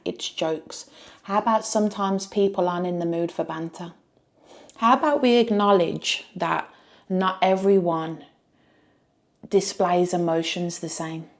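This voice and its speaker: A woman's voice: on the low side, darkish tone. A woman reviewing a reality show, exasperated and firing rhetorical questions. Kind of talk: reaction review rant.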